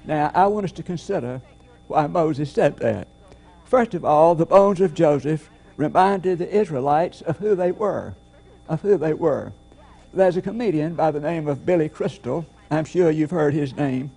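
Mellow-voiced male preacher. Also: on the high side, expressive, gravelly, breathy edge. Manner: deliberate, emphatic preaching with repetitions. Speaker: pastor. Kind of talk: sermon.

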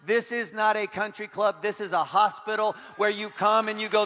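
A middle-aged man preaching as a guest pastor, lively and joking, turning earnest. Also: sits high, normal speed, a faint crowd. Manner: energetic and joking, switching to earnest. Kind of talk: sermon. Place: large church hall. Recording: long hall reverb.

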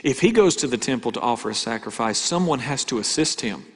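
A male pastor preaching a sermon, asking rhetorical questions and swinging between loud emphasis and quiet asides. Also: medium pitch, lively intonation, fast, breathy edge. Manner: conversational preaching with rhetorical questions and dramatic shifts in volume. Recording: hall reverb.

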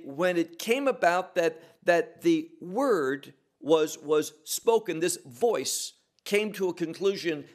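A man teaching through scripture verse by verse, slow and deliberate, leaning on single words for emphasis. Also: a little high. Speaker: Bible teacher.

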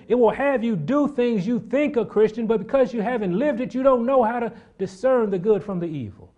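Male preacher, sermon, fairly high mellow voice, loud bursts and hushed asides, rhetorical questions. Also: normal speed.

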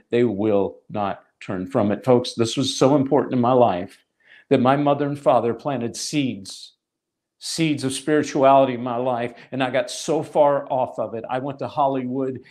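A man's voice: medium pitch, a little mellow. A middle-aged man preaching a sermon, telling a personal testimony with emphatic repetition. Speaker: pastor.

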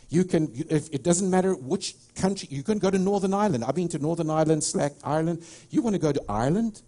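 A middle-aged pastor with a South African accent delivers a sermon in a warm, mellow voice. He tells stories in a rambling way, with many restarts. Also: on the high side, lively intonation, a little fast, few pauses.

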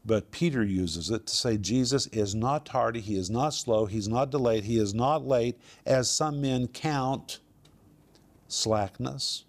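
Guy teaching a bible study at home, leans hard on words, repeats stuff, medium pitch. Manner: emphatic, repeats words for stress.

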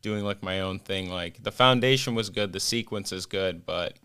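A man with a low, bright and crisp voice tells his stories as a podcast guest. He talks casually and animatedly, slipping into the voices of the people in his stories. He swears freely as he goes. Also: moderate pace. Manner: animated, acts out quoted voices. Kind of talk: casual storytelling.

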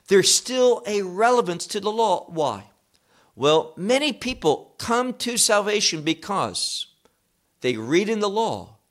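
A man's voice: high voice, a bit bright. A man giving a Bible teaching, emphatic and posing rhetorical questions he then answers.

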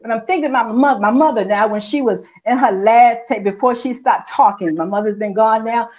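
A woman's voice: on the high side, a little fast, darkish tone. A woman preaching a sermon with rhythmic repetition and rising emphatic calls. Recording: lo-fi muffled recording.

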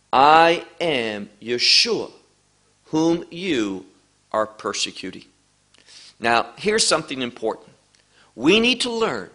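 A man's voice: a little high, pushed and bright. A man preaching verse by verse through a Bible passage, leaning hard on key words and stretching them out. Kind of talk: expository Bible teaching.

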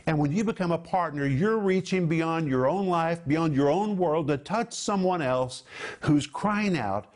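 Middle-aged guy preaching on tv, emphatic and steady, voice sits a bit high. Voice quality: emphatic, measured preaching delivery. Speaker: television Bible teacher. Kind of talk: televised Bible teaching.

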